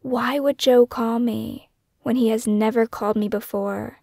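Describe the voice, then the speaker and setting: A woman narrating her own scripted true-crime podcast in a measured, questioning, somber way. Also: a little high, fairly even intonation, gravelly, darkish tone, dry recording, studio quality.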